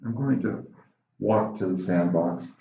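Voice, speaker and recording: A man telling a personal story in an animated way, with dramatic pauses. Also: lowish voice, creaky. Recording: roomy, dull lo-fi recording.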